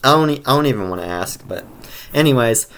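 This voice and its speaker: A man narrating a casual storytime over video game footage in a mid-pitched voice. He rambles loosely, piling on slang and filler words as he goes. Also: expressive, quick pace, fairly bright tone, slight background noise. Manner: rambling slangy delivery full of "like" and "bro".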